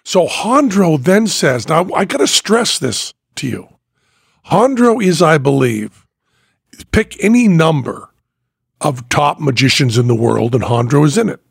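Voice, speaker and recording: A man hosting a podcast, telling a story in an animated, casual way and laughing as he goes. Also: on the high side, a little slow, no room sound, clean studio sound. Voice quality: gravelly and husky. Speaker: podcast host.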